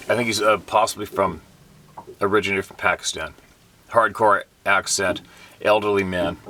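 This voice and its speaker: A man with a lowish, bright, forceful voice tells stories from his boat in a loose, joking way and laughs often. He sounds worn out and sunburnt. A faint hiss of noise sits behind him. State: sunburnt and tired. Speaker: host, hunting guide. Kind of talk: casual storytelling to camera.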